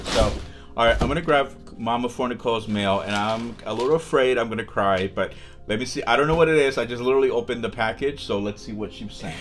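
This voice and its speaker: A young man hosting a casual unboxing vlog, talking in an excitable, gushing way with lots of ums and restarts. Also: medium pitch. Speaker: vlogger.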